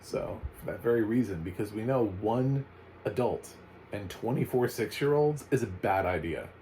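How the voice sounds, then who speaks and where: An American man giving a casual, chatty spoken film review, full of animated asides and fillers. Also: on the low side, normal speed, slight background noise, low-quality recording. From United States. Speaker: movie reviewer.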